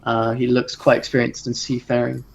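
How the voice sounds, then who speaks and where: Gravelly male game master narrating. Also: medium pitch, monotone, moderate pace. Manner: casual, chuckling, loose narration. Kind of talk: narrating a tabletop horror game. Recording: dull lo-fi recording.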